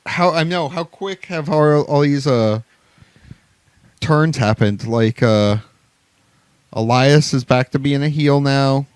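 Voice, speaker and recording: A man's voice: mid-range voice, slow, long pauses, clean tone, no room sound. A man co-hosting a podcast in casual chat, teasing his friends with dry banter. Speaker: podcast co-host.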